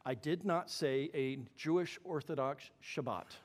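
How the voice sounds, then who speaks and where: Animated male pastor in a reverberant church. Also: fairly high pitch, measured pace. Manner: animated, acts out quoted voices. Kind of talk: sermon. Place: church hall. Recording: long hall reverb.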